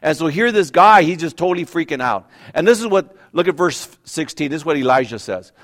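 Male pastor, fairly high voice, animated conversational sermon, everyday examples, keeps asking "right?". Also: fairly quick.

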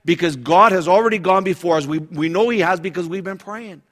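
A male pastor delivering a sermon, his voice sitting a little higher than most men's. He preaches conversationally, tossing in quick asides to the congregation and circling back to restart his sentences. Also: a bit bright.

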